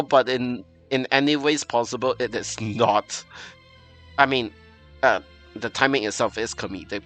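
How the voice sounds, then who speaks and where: Man, streamer, casual rambling, frustrated, bright voice. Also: mid-range voice. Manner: rambling, frustrated, swearing, many fillers. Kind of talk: casual live-stream chat.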